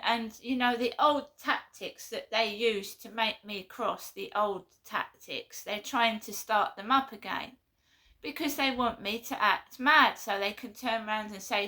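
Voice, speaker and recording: A woman's voice: on the high side, pushed and bright. A woman giving a blunt, earnest vlog monologue, often repeating herself. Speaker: vlogger. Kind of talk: impassioned monologue.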